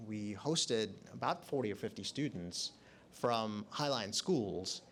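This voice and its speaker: A middle-aged man answers a panel question in a large event space, earnest and projecting. His pitch rises and falls a lot. A faint hum sits behind him. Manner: earnest, speaks up in a loud projecting voice. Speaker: hospital leader on a panel. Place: event arena.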